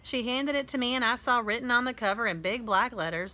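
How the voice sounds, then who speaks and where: A woman reading a children's novel aloud, narrating in a boy's first person in a lively, conversational way. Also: a little high, fairly quick. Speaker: audiobook reader.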